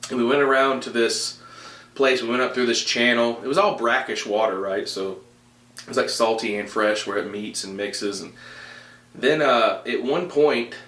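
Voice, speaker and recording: A man's voice: mid-range voice, normal speed, reverberant. Young man telling stories animatedly. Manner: animated, laughs often, frequent fillers. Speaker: podcast host. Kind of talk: casual storytelling.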